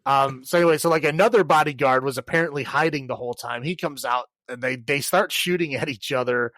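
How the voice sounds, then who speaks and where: A man's voice: mid-range voice, quick pace, fairly bright tone, dry recording. A man co-hosting a podcast, casually recapping a film in a rambling way, full of filler words and laughs. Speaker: podcast co-host.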